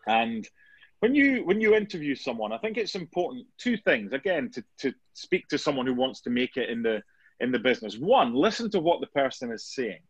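A man's voice: medium pitch, very animated, brisk, slightly rough, dry recording. A man, a sports reporter guest telling anecdotes in a casual interview, with many restarts. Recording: dull dry lo-fi sound.

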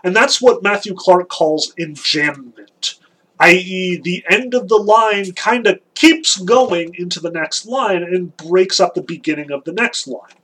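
A man giving a casual spoken lecture on poetry, animated and stressing key words, with casual fillers. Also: high voice, unhurried, husky, poor audio. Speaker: lecturer on Homer.

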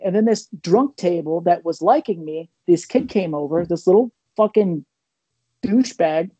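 A man's voice: high-pitched, normal speed, no echo. Rambling man telling a podcast story. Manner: rambling, animated, many restarts and fillers. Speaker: comedian and podcast co-host.

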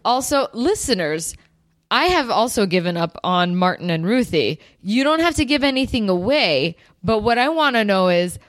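A woman's voice: medium pitch, sing-song, moderate pace, no room sound. A young woman co-hosting a podcast, chatting playfully and with mock exasperation about a TV show. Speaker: podcast co-host. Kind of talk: casual chat about a TV show.

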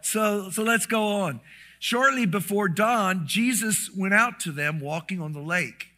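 A middle-aged man preaching a sermon, telling a story with lively animation and acting out the quoted lines. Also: sits high, unhurried. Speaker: pastor.

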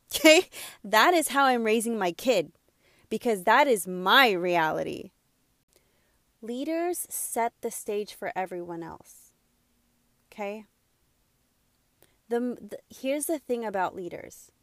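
A woman's voice: a little high, dry recording, clean studio sound. A young adult woman delivering an impassioned motivational monologue as a self-help speaker, emphatic and preachy, swearing freely.

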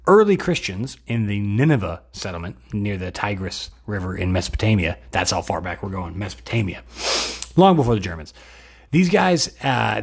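A man's voice: fairly low pitch, gravelly, husky. A man giving a rambling comedic monologue, joking at his own expense and filling it with asides. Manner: rambling, self-deprecating, many fillers and restarts. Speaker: comedic host.

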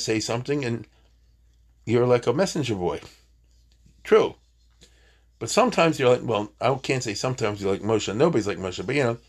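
A man teaching an informal Torah class, chatty, with joking asides and Hebrew terms. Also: mid-range voice.

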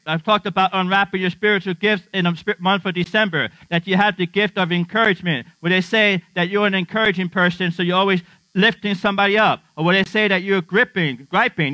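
A man's voice: high voice, fast, sharp tone, dry recording. A middle-aged man preaching a sermon as pastor, humorous and conversational, often asking the congregation questions. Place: church. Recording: dull, slightly lo-fi dry sound with mains hum.

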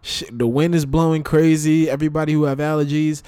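A man co-hosting a podcast, chatting loosely and telling stories with lively asides. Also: a little high, a little fast, clear, resonant tone, dry recording, clean studio sound. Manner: loose, animated storytelling with put-on voices. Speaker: podcast co-host. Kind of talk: casual chat.

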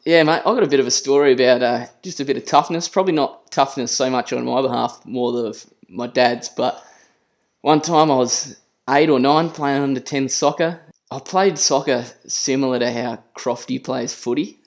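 A young Australian man co-hosting a casual podcast, telling a childhood story in a relaxed, easygoing way. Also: mid-range voice, normal speed. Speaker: podcast co-host.

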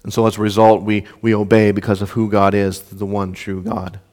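A man's voice: fairly low pitch, level tone, a little fast, a little mellow. A young man preaching a sermon in an earnest way, often repeating words as he restarts a thought. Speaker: pastor.

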